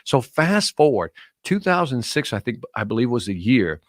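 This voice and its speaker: A middle-aged man, a motivational speaker guesting on a podcast, talking in an earnest, energetic storytelling manner. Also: mid-range voice, moderate pace, dry recording, clean studio sound. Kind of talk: casual podcast interview.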